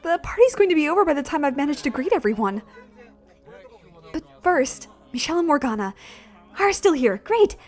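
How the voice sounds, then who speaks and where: A woman streamer reading a visual novel aloud in a lively, expressive way, with chatty asides. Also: high-pitched, brisk.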